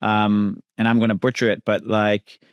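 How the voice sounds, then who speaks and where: A man's voice: fairly low pitch, flat delivery, normal speed, smooth, no echo, muffled recording. A man hosting a podcast, asking easygoing and curious questions in a conversational way. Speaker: podcast host, interviewer. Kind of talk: conversational interview.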